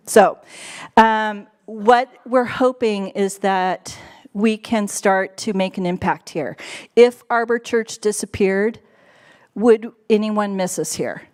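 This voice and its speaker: Woman, fairly high voice, casual sermon, playful and chatty, laughs a lot. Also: measured pace. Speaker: church staff member preaching. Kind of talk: casual sermon to a live congregation.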